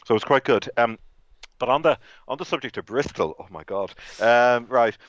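A man's voice: mid-range voice, lively intonation, normal speed, a bit bright, no echo, muffled recording. A man from England co-hosting a casual football podcast, talking in a rambling way with many restarts. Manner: rambling, frequent restarts and fillers.

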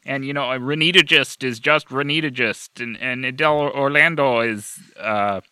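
A man playing a sincere, easily moved fire chief who stammers through his thoughts. His voice is bright and sharp and sounds very dry and close. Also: medium pitch, moderate pace, smooth, no echo. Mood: earnest. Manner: earnest, stammering, tearful. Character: earnest, weepy male fire chief and historian.

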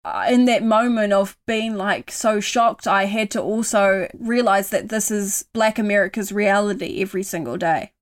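Young kiwi woman chatting, earnest, goes soft and quiet when she talks kindly. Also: mid-range voice, moderate pace, hardly any pauses. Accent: New Zealand. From New Zealand. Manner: earnest, softens her voice when voicing kind self-talk. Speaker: guest. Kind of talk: casual conversation.

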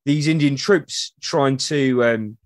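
Male history guest, loose and chatty storyteller, mid pitch, dry close sound. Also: slow pace, dry recording. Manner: chatty, animated, acts out quotes in the stories. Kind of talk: casual storytelling interview.

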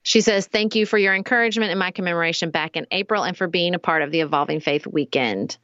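A woman co-hosting a podcast, chatting in an animated, playful way. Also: lowish voice, fast, dry recording, highs cut off. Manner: animated, playful, puts on voices when quoting. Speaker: podcast co-host. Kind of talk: casual chat.

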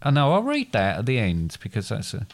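A man's voice: lowish voice, huge pitch swings, brisk. Middle-aged guy on a podcast, jokey and rambly, voice bouncing all over the place. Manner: playful, jokey, rambling asides. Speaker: podcast co-host, the father. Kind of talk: casual chat.

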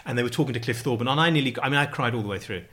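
A man's voice: mid-range voice, racing, a bit bright, slightly rough. A man in his forties telling a rambling, self-mocking story in casual chat, full of restarts.

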